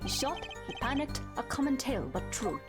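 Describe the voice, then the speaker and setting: Brief: a woman playing a grandiose young male student witness, German accent, high and swooping, loud game music under. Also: sing-song, a little fast. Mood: pompous. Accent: put-on German. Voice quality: grandiose, theatrical.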